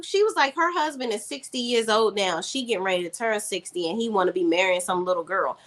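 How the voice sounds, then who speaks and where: A woman's voice: medium pitch, sing-song, fairly quick, hardly any pauses, bright, forceful tone. Sassy chatty woman recapping TV. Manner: chatty, sassy, reads chat aloud. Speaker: TV recap host. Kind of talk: casual live-stream recap.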